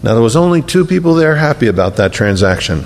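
A middle-aged male pastor preaching a sermon, moving between raised, emphatic declarations and low, hushed, tender passages. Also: sing-song, quick pace. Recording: long hall reverb, faint rumble.

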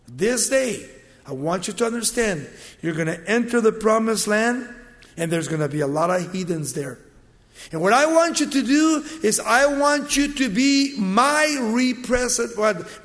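Brief: high-voiced male preacher, dramatic storyteller, recorded in an echoing church hall. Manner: storytelling, dramatic swings from loud to hushed. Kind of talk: sermon. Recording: long hall reverb.

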